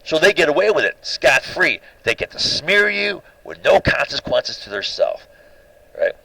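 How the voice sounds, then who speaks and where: A man's voice: a little high, very animated, normal speed, creaky, pushed and bright, low-quality recording. A man telling a long personal story in an agitated, suspicious way, rambling and tagging "right?" onto his sentences. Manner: rambling, keeps asking "right?". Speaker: lecturer.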